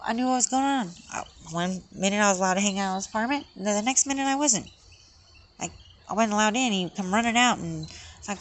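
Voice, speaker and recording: A woman vents in a long, rambling monologue, swearing freely and getting heated as she goes. Her voice is bright and a little sharp. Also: mid-range voice, fast talker, slight background noise. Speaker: vlogger. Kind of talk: rambling rant to camera.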